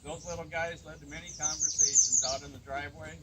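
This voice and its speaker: Neighbor guy reading a formal eulogy, steady, lots of noise behind. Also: fairly high pitch, quick pace. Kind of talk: prepared memorial speech.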